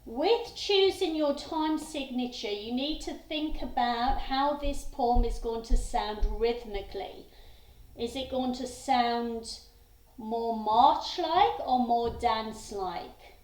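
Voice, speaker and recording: A woman's voice: a little high, slow pace, darkish tone. A woman teaching a music theory lesson, giving patient step-by-step instructions. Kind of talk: classroom lesson to students. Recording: echoey room.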